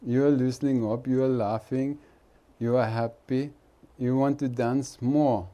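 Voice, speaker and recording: A man's voice: medium pitch, fairly even intonation, unhurried, warm tone, muffled recording. A man with an Indian accent, a spiritual teacher giving an informal, teasing talk to a gathering and laughing often. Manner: chatty, teasing, laughs often, nonnative grammar.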